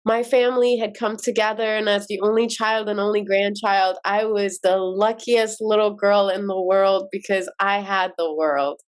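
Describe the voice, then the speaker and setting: A woman in her forties from Iran, a podcast guest telling her childhood stories slowly and vividly. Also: medium pitch, flat delivery. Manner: slow, vivid storytelling. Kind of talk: storytelling interview.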